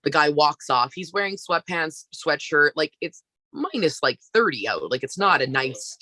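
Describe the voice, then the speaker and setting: A woman from Canada, a wrestler guest on a podcast, telling a story in a casual, animated way with lots of fillers. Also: low voice, normal speed, no echo.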